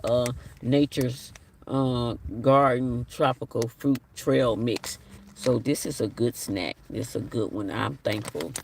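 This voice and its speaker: Male livestream host, mid-pitched and gravelly, chatty, reads comments aloud, with faint background noise. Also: recorded from a distance. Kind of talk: casual live stream chat.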